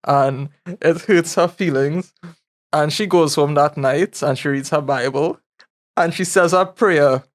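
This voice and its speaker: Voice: medium pitch, a little slow. A podcast co-host spinning a comedic story with frequent laughter and loose grammar. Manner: animated storyteller, laughs often, nonstandard grammar. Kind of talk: casual comedic brainstorming.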